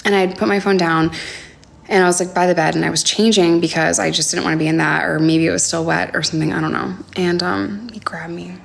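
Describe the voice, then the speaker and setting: A young woman telling a personal story on a livestream from home, talking in a halting, hesitant way with many fillers and sometimes dropping to a near whisper. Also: fairly low pitch, fairly even intonation, vocal fry. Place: home, indoors. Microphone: phone livestream.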